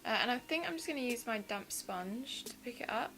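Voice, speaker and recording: With music behind her, a young woman in her twenties excitedly talks through a makeup tutorial step by step. Her voice sits on the high side, animated and brisk with some vocal fry, on a low-quality recording.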